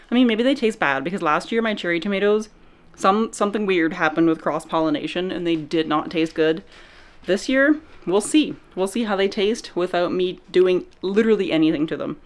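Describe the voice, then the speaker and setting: Young female vlogger, chatty and rambling, slightly winded. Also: mid-range voice. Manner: chatty, rambling, laughs easily. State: out of breath after exercise. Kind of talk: chatty vlog talk.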